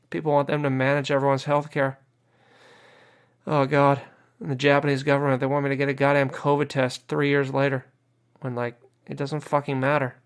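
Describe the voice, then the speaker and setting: Gravelly-voiced man ranting casually. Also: fairly high pitch. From United States. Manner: swearing, frequent "you know" fillers, exasperated. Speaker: podcast host. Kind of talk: casual rant.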